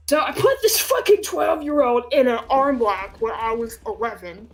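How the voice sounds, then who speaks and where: A young woman streamer telling stories in casual chat, animated and laughing, swearing freely and acting out what people said. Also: fairly high pitch, moderate pace.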